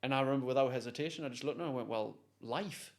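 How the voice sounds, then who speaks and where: A man tells a story as a guest in a conversation. He is animated and pulls listeners in, with a middle-pitched voice. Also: rapid-fire. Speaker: guest, motivational speaker.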